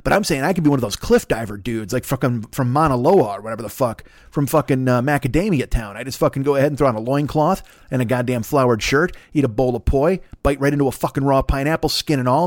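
A man's voice: medium pitch, quick pace, hardly any pauses, darkish tone, no room sound, studio quality. An older man hosting a solo podcast, rambling through crude, self-mocking riffs into a desk mic plugged into a laptop. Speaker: podcast host. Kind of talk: profane solo podcast monologue.

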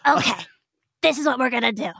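A woman's voice: on the high side, lively intonation, fast, vocal fry, pushed and bright, no room sound, studio quality. A woman playing a tabletop game, talking in an earnest, direct way. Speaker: player. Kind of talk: casual tabletop play.

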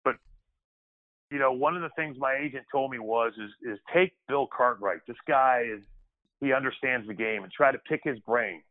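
A man's voice: mid-range voice, moderate pace. A man reminiscing as an interview guest, in a loose conversational way with frequent restarts. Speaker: guest, former pro basketball player. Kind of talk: casual storytelling interview. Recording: tinny phone-like line.

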